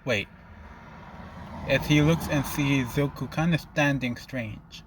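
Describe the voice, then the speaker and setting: A man's voice: mid-range voice, takes it slowly, background noise. A man narrating an improvised fan fiction story in a loose, rambling way, often stopping to rephrase.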